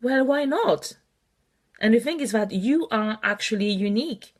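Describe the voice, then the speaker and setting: A woman's voice: a little high, expressive, moderate pace. A woman with a French accent, a native French speaker, gives an earnest, encouraging motivational talk on a live video as an online marketing coach, chatting and laughing now and then.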